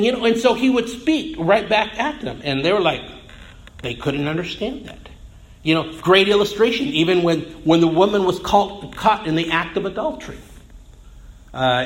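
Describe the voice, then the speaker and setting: A man preaching a sermon as pastor in a church, animated and often repeating words and fillers as he goes. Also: high voice, echoey room, rough recording.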